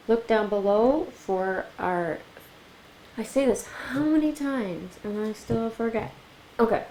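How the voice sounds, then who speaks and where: A young woman chatting through a craft tutorial, laughing often and talking gently to her toddler. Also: fairly high pitch, expressive, moderate pace, slight background noise, rough recording. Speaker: craft vlogger. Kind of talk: casual craft tutorial chat.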